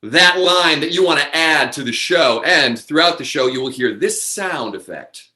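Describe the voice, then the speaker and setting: A man's voice: on the high side, animated, normal speed, bright, forceful tone, reverberant. A man hosting a live online improv comedy show, announcing the cast and rules with upbeat, theatrical patter over a video call.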